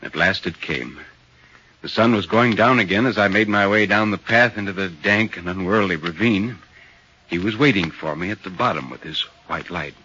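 An actor playing a curious gentleman visitor who narrates in vintage radio drama, speaking in a measured, calm, questioning way. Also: deep voice, husky, full character voice. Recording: muffled old radio recording with faint hiss.

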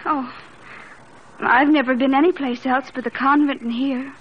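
An actress voices a sheltered sixteen-year-old convent girl in an old radio play, her voice high and soft, gentle and wistful. The broadcast sounds muffled, with a faint hiss behind it. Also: fairly even intonation, normal speed, lightly acted. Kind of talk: 1940s radio acting.

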